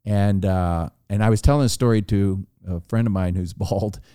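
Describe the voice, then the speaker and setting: Low mellow guy telling a golf story on a podcast, smooth and dry. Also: normal speed, dry recording. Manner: animated anecdote teller with restarts. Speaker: podcast guest. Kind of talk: casual storytelling.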